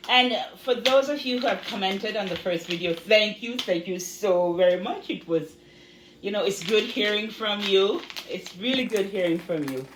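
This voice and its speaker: Brief: Jamaican woman, vlog host, animated and repetitive for emphasis, roomy echo with faint hiss. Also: mid-range voice. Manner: animated, repeats words for emphasis. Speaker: vlogger. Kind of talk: casual vlog talk. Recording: echoey room with faint noise.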